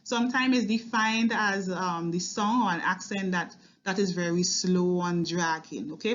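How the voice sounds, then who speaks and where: A woman's voice: mid-range voice, highs cut off. A woman teaching a recorded exam-prep poetry lesson, explaining line by line and often checking in with "okay?". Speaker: English literature teacher.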